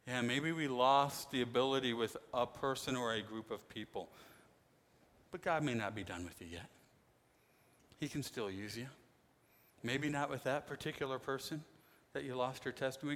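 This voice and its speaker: A man preaching a sermon as pastor, emphatic, swinging between loud declarations and quiet asides. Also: mid-range voice. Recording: long hall reverb.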